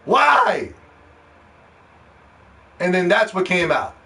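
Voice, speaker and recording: A man's voice: fairly high pitch, moderate pace. Man pleading and ranting on a podcast. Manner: pleading and ranting, swings from hushed begging to shouting. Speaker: podcast host.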